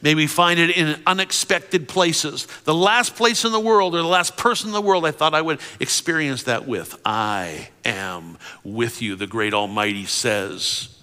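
Bright-voiced pastor preaching in a hall. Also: male voice, on the high side, clear, resonant tone. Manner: impassioned preaching that drops to soft whispered prayer. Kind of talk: sermon with prophetic prayer. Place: church sanctuary. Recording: long reverb of a large hall.

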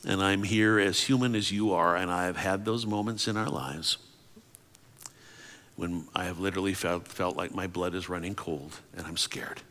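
A male pastor giving a sermon, moving from impassioned preaching to soft whispered prayer. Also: low voice, steady tone, normal speed, slight background noise. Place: church sanctuary. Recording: long reverb of a large hall.

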